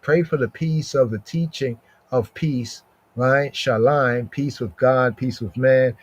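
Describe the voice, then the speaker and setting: A man teaches scripture at a very slow, measured pace. He repeats each phrase several times and often checks in with "right?" The recording sounds a little dull and lo-fi. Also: mid-range voice. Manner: repetitive, drawn-out recitation with frequent "right?". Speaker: podcast teacher. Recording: slightly dull lo-fi audio.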